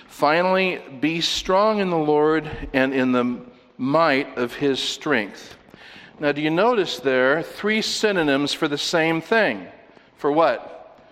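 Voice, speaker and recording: A man's voice: on the high side, takes it slowly, fairly bright tone, in a large hall. A male pastor delivering a sermon, driving his points home with rhetorical questions and plenty of emphasis.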